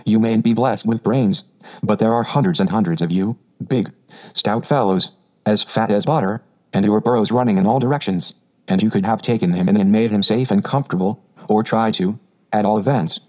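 A man's voice: lowish voice, moderate pace, highs cut off, natural voice. A man voicing a hearty, bold male otter who tells his tale cheerfully. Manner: cheerful, lively storyteller.

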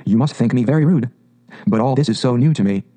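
A man's voice: mid-range voice, quick pace, warm tone, lightly acted. A man voicing a shy, wide-eyed young male mole who speaks in an eager, wondering way in a storybook reading. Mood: apologetic.

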